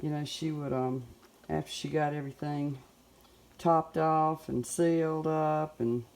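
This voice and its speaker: Folksy Southern woman with a low gravelly voice. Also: fairly even intonation, a little slow, a little mellow, slight background noise. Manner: chatty, folksy, rambling. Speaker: home cook. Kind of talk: casual cooking demonstration. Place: home kitchen.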